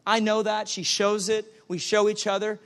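High-voiced man preaching a sermon. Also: moderate pace. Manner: animated, acts out both sides of dialogues. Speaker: pastor.

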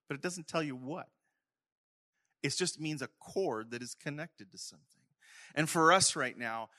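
A middle-aged male pastor preaching a sermon earnestly to his congregation, sometimes falling to a soft whisper. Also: mid-range voice. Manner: earnest, drops to soft whispers when quoting God.

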